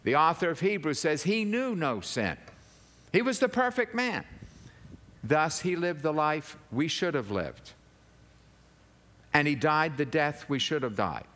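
Older male preacher, fairly high voice, slow deliberate delivery, emphatic with big pitch swings. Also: big pitch swings, a bit bright. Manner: emphatic, swings pitch up for climaxes and drops low for asides. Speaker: Bible teacher. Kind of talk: sermon-style Bible teaching.

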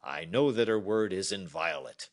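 Storybook king, proud and emotional, exclaiming loudly, read by a man. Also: fairly low pitch, animated, moderate pace, creaky, dry recording. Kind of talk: storybook reading for learners.

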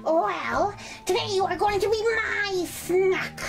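Woman doing a squeaky grumbling storybook troll. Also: slow, gravelly, over music, full character voice. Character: grumbling greedy troll under a bridge, male. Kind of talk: storybook read-aloud.

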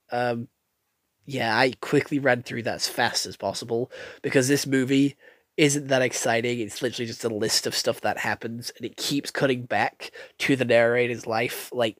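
A man's voice: medium pitch, a bit bright, no room sound. Male film reviewer, off-the-cuff and blunt, swears a lot, dry recording. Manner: rambling, blunt, swears freely, many fillers. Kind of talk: casual spoken film review.

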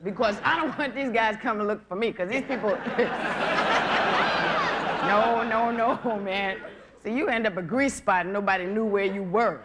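A woman performing live stand-up comedy on a theater stage, talking in a profane, conversational way and mocking people with quick impressions. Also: mid-range voice. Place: theater stage with laughing audience. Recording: noisy VHS live recording with loud crowd.

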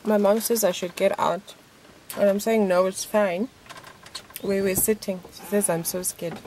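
Slow-talking woman vlogging outdoors. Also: mid-range voice, fairly even intonation, darkish tone, a little hiss or hum, poor audio. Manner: playful, teasing, mock-dramatic asides. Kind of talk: casual vlog chat. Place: outdoors by a rural road.

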